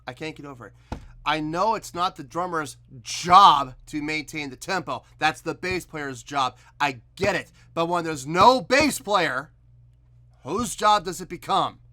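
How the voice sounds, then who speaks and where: A man's voice: on the high side, animated, a little slow, pushed and bright. A man hosting a music reaction video, giving blunt and exasperated commentary straight to the camera.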